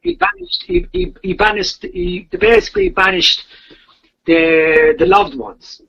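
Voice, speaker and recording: Animated man telling a legend. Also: sits high, a little slow, vocal fry, breathy edge. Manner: animated retelling of a legend, repeats words and restarts. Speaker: storyteller. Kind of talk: casual storytelling. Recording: dull lo-fi recording.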